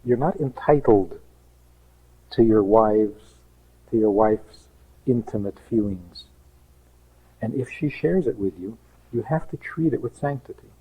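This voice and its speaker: A man's voice: on the low side, a little slow, long pauses, husky, phone-quality sound. A man, a rabbi, giving an emphatic teaching talk full of rhetorical questions and acted-out quotes.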